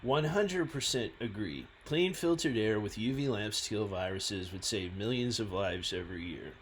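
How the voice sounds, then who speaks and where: A man, a scientist and founder, talking through his own website in a halting, self-deprecating way. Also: lowish voice, a little hiss or hum. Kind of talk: reading and commenting on his website.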